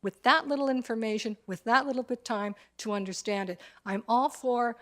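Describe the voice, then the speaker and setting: A woman's voice: fairly high pitch, moderate pace, fairly bright tone. A woman town councillor speaking in a council meeting, frustrated and emphatic, repeating her points as she objects.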